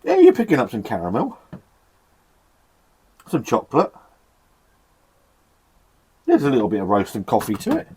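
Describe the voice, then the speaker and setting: A man's voice: medium pitch, wildly swooping pitch, normal speed, pauses often, darkish tone, husky. A man from England casually reviewing a beer in a cold shed, chatty and sweary, rambling with self-deprecating laughs. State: shivering from the cold.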